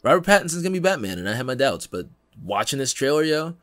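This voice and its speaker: A young man hosting a podcast in casual chat, animated and laughing, acting out quotes in slangy talk. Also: medium pitch, fast, a little hiss or hum. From Pennsylvania, United States. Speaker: podcast host.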